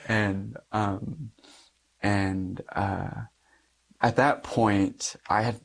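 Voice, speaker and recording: A man's voice: fairly low pitch, steady tone, extremely slow, creaky. A young adult man, a Catholic priest, giving a personal testimony in conversation, acting out the dialogue in his story with frequent light laughs.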